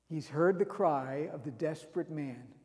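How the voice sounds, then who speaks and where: Man, high voice, slow deliberate preaching, dramatic storytelling, echoing church hall. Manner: dramatic, swings from loud to hushed. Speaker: pastor. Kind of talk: sermon storytelling. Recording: long reverb of a large hall.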